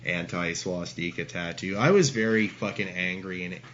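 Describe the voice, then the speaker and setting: A middle-aged Canadian man, appearing as an interview guest, rambles casually through a story, cursing often and laughing as he goes. His voice is low and steady with a fairly bright tone at normal speed, captured on dull lo-fi audio with a faint hiss.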